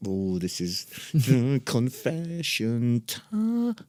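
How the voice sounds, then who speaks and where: A man co-hosting a podcast in casual, jokey chat, full of quick asides. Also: mid-range voice, wildly swooping pitch, a little mellow, no room sound. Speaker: podcast co-host.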